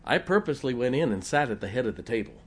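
A man's voice: medium pitch, sing-song, racing, slightly rough. Folksy pastor, man, joking sermon. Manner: folksy, joking and laughing with the congregation.

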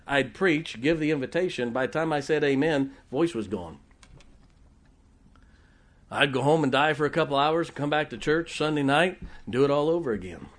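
A man's voice: fairly high pitch, animated, moderate pace. A man preaching a sermon as pastor, telling folksy stories and joking with his congregation.

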